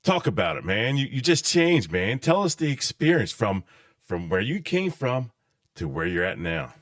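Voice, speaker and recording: A man hosting a casual chat, an animated storyteller who laughs often and keeps saying dude. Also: medium pitch, normal speed, dry recording, studio quality. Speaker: podcast host.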